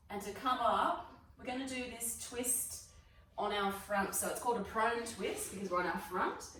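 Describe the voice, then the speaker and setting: A woman with an Australian accent leading a yoga class, giving calm step-by-step breathing cues while she demonstrates the moves. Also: fairly high pitch, normal speed, a little hiss or hum. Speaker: yoga instructor. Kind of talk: guided exercise class. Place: fitness studio. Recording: very echoey room, mic far off.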